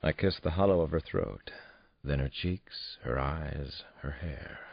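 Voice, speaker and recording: A man's voice: extremely low pitch, measured pace, vocal fry, dry recording. A man reading a thriller audiobook in the first person, with wry, affectionate storytelling. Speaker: audiobook narrator. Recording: dull, muffled studio read.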